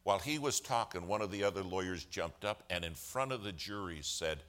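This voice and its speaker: A man, a lawyer by trade, telling a story in a sermon. He acts out the other people's lines with humor and gets loud at key moments. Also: low-pitched, fairly quick. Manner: animated storyteller, acts out quoted voices with humor. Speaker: lawyer giving a testimony.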